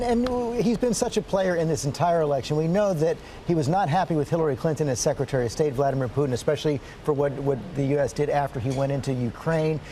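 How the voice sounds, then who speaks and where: Male anchor, brisk and dark-toned, morning news. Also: a little high, slight background noise. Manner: brisk, questioning.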